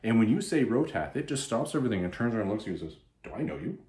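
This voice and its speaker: A man with a low voice casually recaps a comic book story, rambling and animated with a lively swing of pitch. He often trips over and restarts his words. The sound rings in an echoey room. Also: racing. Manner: animated, rambling, self-interrupting. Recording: roomy echo.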